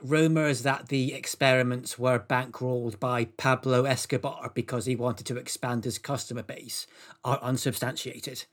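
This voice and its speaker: Guy on a comedy podcast telling ridiculous stories totally straight-faced, mid-pitched voice. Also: moderate pace. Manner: deadpan, matter-of-fact delivery of absurd facts. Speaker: podcast presenter. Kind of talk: deadpan comedic narration.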